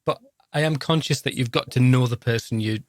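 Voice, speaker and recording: A man's voice: medium pitch, a little fast, no room sound. A man, hosting a podcast in a casual, rambling, self-deprecating, jokey way. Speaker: podcast host. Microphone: podcast microphone.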